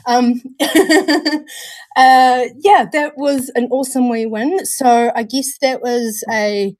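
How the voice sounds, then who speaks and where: A woman's voice: fairly high pitch, takes it slowly, dry recording. Bubbly laughing New woman. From New Zealand. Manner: bubbly, laughs often, calls people darling. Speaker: livestream co-host. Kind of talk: casual live-stream chat.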